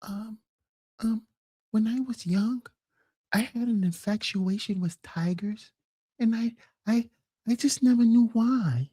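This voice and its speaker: A woman impersonating a soft-spoken, timid adult male pop star, hushed and halting with many stammers. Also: a little high, slightly rough, no echo, studio quality.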